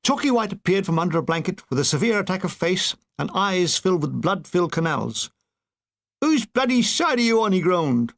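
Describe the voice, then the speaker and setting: A man reading a war memoir aloud as an audiobook, telling it in a wry, expressive way. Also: high voice, vocal fry. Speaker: audiobook reader.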